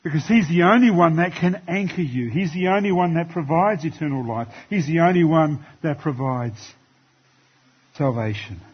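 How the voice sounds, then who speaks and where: A male pastor with a slightly raised, husky voice delivers a sermon in conversational tones, reading verses aloud to his congregation. The church recording sounds dull and lo-fi. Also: a little high, normal speed. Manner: conversational preaching, quoting scripture.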